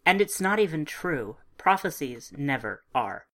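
A woman voicing an upset, blunt young woman in an audiobook, low-pitched. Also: sing-song, unhurried, fairly bright tone, full character voice. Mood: bitter. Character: sad, frank young woman friend.

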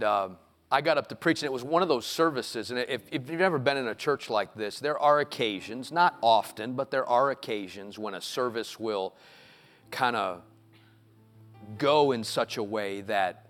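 A middle-aged man, preaching a sermon in a church and telling a personal story that builds to loud, impassioned preaching. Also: mid-range voice, normal speed, faint music behind. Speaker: pastor. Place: church sanctuary.

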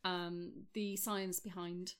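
Teasing British woman, quick dry quips. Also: lowish voice, flat delivery, clear, resonant tone. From United Kingdom. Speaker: podcast co-host. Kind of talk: casual chat.

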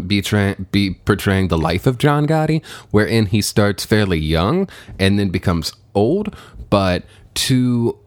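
Lively low-voiced man chatting. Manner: animated, swears, laughs often. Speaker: podcast co-host. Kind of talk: casual chat.

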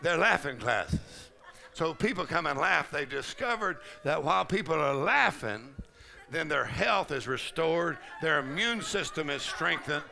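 A man preaching at a conference, shouting and laughing loudly as he preaches. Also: fairly high pitch, lively intonation, unhurried, creaky. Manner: shouting, laughing loudly, Southern colloquial speech. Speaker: pastor. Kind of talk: charismatic preaching sermon. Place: large conference hall.

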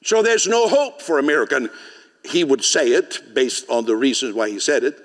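A man's voice: medium pitch, lively intonation, normal speed, long reverb tail. A man preaching a sermon as pastor, speaking conversationally, often asking the congregation questions and laughing. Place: church sanctuary.

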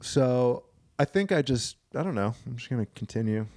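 A man's voice: mid-range voice, animated, moderate pace, darkish tone, no echo. Young male podcast co-host, loose and profane, mid-range voice, dry close mic. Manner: loose, profane, rambling storyteller. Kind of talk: casual banter.

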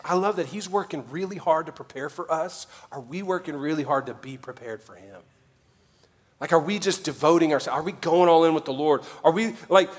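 A male pastor preaching a sermon, animated, with sudden drops to quiet and jokey asides in put-on voices. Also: mid-range voice.

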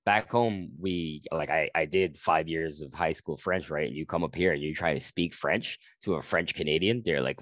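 A man's voice: a bass voice, normal speed, hardly any pauses, fairly bright tone, no echo, studio quality. A man guest on a casual podcast, telling stories in a laid-back way and swearing freely. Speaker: comedian guest. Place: lives in Toronto.

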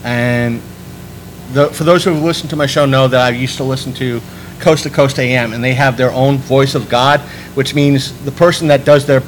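A man hosting a podcast in casual chat, rambling and restarting his sentences, animated when he quotes people. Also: mid-range voice, moderate pace, slight background noise, low-quality recording. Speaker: podcast host.

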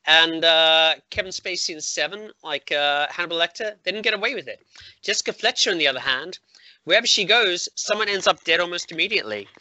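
A man's voice: on the high side, expressive, brisk, pushed and bright, no room sound. A man hosting a podcast over a video call, casually chatting and spinning a mock-serious theory with playful delivery. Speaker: podcast host. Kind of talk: casual chat.

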